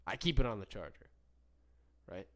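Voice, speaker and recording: A man's voice: on the low side, very animated, normal speed. A young man hosting a solo podcast, telling a story in a rambling, profane way with many self-corrections. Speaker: podcast host.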